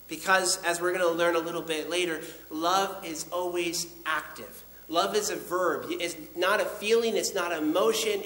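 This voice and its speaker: A man teaching the Bible as a preacher, speaking earnestly and emphatically, slowing down on key lines. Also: high-pitched, a bit bright, roomy sound, poor audio.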